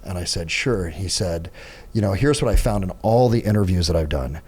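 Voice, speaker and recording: A man's voice: low voice, a little fast, breathy edge. A man, a sales trainer and podcast guest, telling a story in casual chat and acting out the quotes as he goes. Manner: animated storyteller, acts out quotes in other voices. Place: podcast studio.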